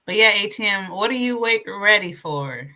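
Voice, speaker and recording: A woman hosting a casual livestream, chatty and animated, reading aloud from her notes while sharing her screen. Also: medium pitch, normal speed. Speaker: livestream host.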